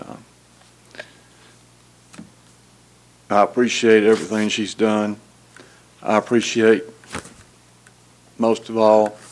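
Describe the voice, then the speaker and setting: An older man, a retiring alderman giving an emotional, halting farewell speech at a city board meeting. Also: lowish voice. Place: city council chamber.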